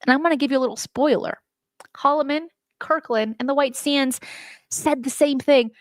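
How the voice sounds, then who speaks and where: A woman hosting a live stream, chatting excitedly and talking straight to her viewers as she walks through an old case. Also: high voice, moderate pace, dry recording. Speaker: host.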